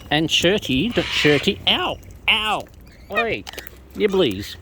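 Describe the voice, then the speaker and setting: Slow, sing-song woman cooing at birds. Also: on the low side, sing-song, noisy background. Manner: cooing, playful baby talk to birds. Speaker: bird feeder filming wild birds. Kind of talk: casual talk to birds. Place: outdoors among wild birds.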